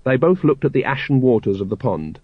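A man narrating an audiobook in an expressive, character-driven reading. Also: mid-range voice, fairly quick, husky, no room sound. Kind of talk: scripted narration. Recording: dull, lo-fi audiobook recording.

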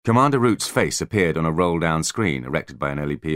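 A man narrating an audiobook in measured storytelling. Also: very deep voice, expressive, fairly bright tone, dry recording, clean studio sound. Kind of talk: scripted narration.

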